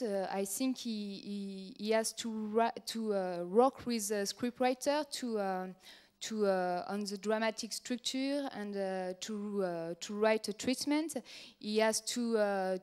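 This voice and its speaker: A woman with a French accent, a non-native English speaker, pitching a film project at a workshop in halting English full of fillers and restarts. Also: a little mellow, clear, resonant tone.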